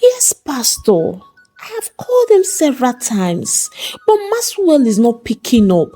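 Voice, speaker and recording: A woman's voice: mid-range voice, wildly swooping pitch, slow pace, mellow, soft background music, full character voice. A woman voicing a young bride, worried and pleading. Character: young bride, anxious and tearful.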